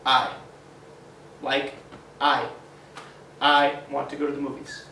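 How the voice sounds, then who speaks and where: A male teacher giving a phonics lesson to children, sounding out letters slowly and encouragingly. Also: medium pitch, monotone, gravelly, bright, forceful tone, a little hiss or hum. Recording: echoey room, mic at a distance.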